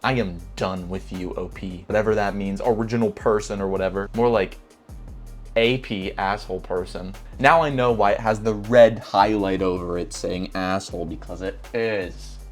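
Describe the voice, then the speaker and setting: A young man hosting a casual reaction video, animated and easily worked up, swinging between loud and soft. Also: fairly low pitch, moderate pace, faint music behind. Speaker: video host.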